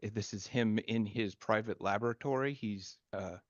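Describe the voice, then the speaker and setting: A low-voiced man narrates a tabletop game as its game master, stopping often to search for words. His voice sounds dry and close, with no room around it. The stream audio is slightly dull and muffled. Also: no room sound. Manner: halting, filler-heavy narration.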